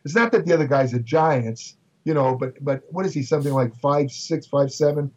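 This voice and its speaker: An older bodybuilding writer from Brooklyn, New York tells casual anecdotes in a chatty way, repeating words and using frequent fillers and restarts. His voice is a little high and a little fast. He's far from the mic, and the highs are cut off.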